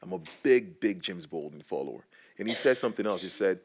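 A man with a fairly low voice, speaking as a panel guest in a conversational but passionate way. He is animated and emphatic, and his voice climbs when he gets worked up. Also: quick pace, husky.

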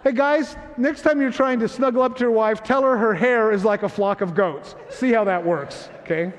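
A man with a notably high voice delivers a sermon in a church sanctuary, his words trailing off into a long hall reverb. He preaches in an easy, conversational way, teasing gently and checking in with his congregation. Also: lively intonation, moderate pace, hardly any pauses. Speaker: pastor.

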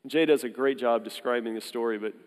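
A man's voice: mid-range voice, clear, resonant tone. Storytelling male pastor, hall echo. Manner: conversational, jokey storytelling with quick asides. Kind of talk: sermon with personal stories. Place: church hall. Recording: long hall reverb.

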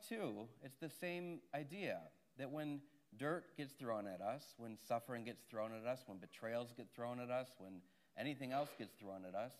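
A male priest preaching in an easy, conversational manner, telling a story and then drawing a lesson from it. He often checks in with his listeners along the way. The voice sits at an ordinary middle pitch for a man. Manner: conversational storytelling with "right?" asides. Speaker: Catholic priest. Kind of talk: sermon.

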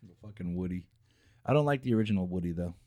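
A man's voice: deep voice, animated, fast, mellow, no echo. A man co-hosting a podcast, joking crudely with plenty of swearing. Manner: profane, joking, does silly voices. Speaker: podcast co-host. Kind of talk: crude casual chat.

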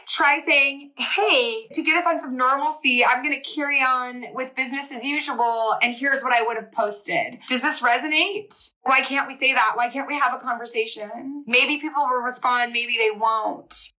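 A woman host and business coach giving a fast, chatty live-stream pep talk and reading viewer comments aloud. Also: a little high, sharp tone, rough recording.

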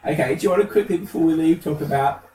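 A man's voice: on the high side, fast, warm tone, reverberant, distant mic, slight background noise, rough recording. A man co-hosting a podcast, telling camp gossipy stories with plenty of swearing. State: feeling unwell. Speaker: podcast co-host. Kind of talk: casual chat.

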